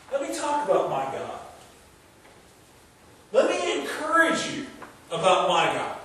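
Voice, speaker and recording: A man's voice: extremely high pitch, huge pitch swings, measured pace, pauses often, bright, forceful tone. A male pastor delivering a sermon, preaching emphatically with repeated refrains and casual asides. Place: large church sanctuary. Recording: very echoey hall from far off, faint noise.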